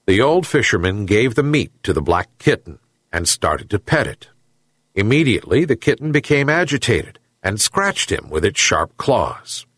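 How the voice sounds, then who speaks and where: A man narrating a children's story in an expressive, animated way. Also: lowish voice, normal speed, breathy edge, no echo, clean studio sound.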